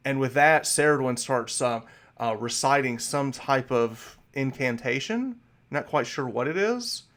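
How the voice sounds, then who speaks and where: Brief: casual male game master describing scenes, loose and rambling, mid-pitched. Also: animated, unhurried, fairly bright tone. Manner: rambling, with many fillers and restarts. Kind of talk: narrating a tabletop game.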